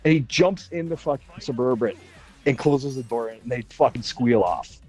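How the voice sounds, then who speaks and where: A man telling a story in animated, casual chat, swearing and laughing as he goes. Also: medium pitch, normal speed, faint music behind, rough recording. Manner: excitable, swears and laughs a lot. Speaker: podcast panelist.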